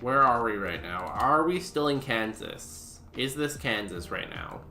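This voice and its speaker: A man's voice: mid-range voice, animated, a little slow, sharp tone. A man streaming a game, chatting casually with goofy, self-mocking humor. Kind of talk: casual gameplay commentary. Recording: roomy echo with music behind.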